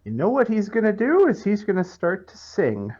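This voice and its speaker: A man's voice: sits high, huge pitch swings, normal speed, darkish tone, dull audio. A man playing a tabletop game, calling out his moves in a plain, matter-of-fact way. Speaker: player.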